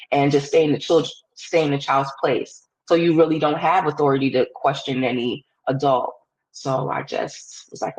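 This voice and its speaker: A woman's voice: sits low, a little mellow, husky, low-quality recording. A young woman, a podcast guest candidly telling a personal story and acting out the things people said. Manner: candid, quick, acts out quoted dialogue.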